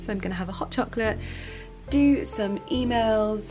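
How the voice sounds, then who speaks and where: A young Englishwoman talks to her camera in an easy, upbeat vlog style. Her voice sits a little high. Soft music plays behind her. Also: normal speed. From England. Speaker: lifestyle vlogger. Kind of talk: casual vlog narration. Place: glass igloo at night. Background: background music.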